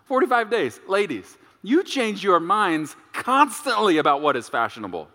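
A man's voice: high-pitched, sing-song, normal speed, bright, forceful tone, long reverb tail. A man preaching a sermon, emphatic and playful, who drags out key words for weight. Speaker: pastor.

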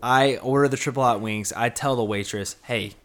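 A man hosting a casual podcast, telling a story and acting out his own reactions in an animated way. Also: mid-range voice, fairly quick. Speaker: podcast host. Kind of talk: casual chat.

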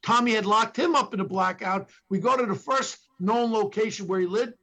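An older man with a thick New York accent spins a police story in a gravelly, husky voice. He sits high in the male range and leans hard into the lines he quotes, playing each person in the tale. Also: fairly quick, pushed and bright. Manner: acts out quotes from others with emphatic bursts. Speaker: former police detective telling stories as a podcast guest. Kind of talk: animated storytelling.

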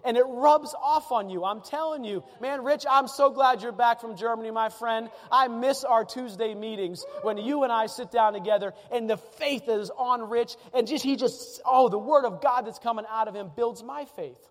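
A male pastor delivers a sermon with a fairly high voice, chatty and emphatic as he stacks up repeated phrases. His words ring out with a long reverb tail from a large hall. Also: normal speed, few pauses.

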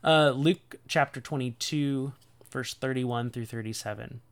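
A man's voice: mid-range voice, a little slow. A man hosting a casual podcast, chatty and laughing, with many fillers and restarts. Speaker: podcast host. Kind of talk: casual podcast talk on scripture.

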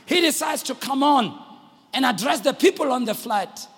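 A man preaching a sermon, moving from hushed storytelling to loud, rousing exhortation. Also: extremely high pitch, expressive, normal speed, slightly rough. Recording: long hall reverb.

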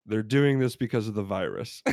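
A man with a fairly low voice tells a rambling personal story in casual podcast chat, slipping into the voices of the people he quotes. The sound is close and dry, with no room around it. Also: moderate pace, darkish tone, no room sound. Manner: rambling anecdotes with laughs, acts out quotes. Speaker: podcast co-host.

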